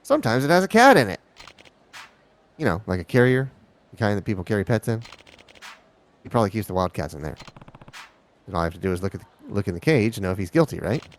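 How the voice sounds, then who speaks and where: Low-voiced man reading game lines aloud. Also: lively intonation, quick pace, pauses often, darkish tone. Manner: reads lines aloud, stumbling and restarting. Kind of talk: live game stream, voicing the dialogue aloud.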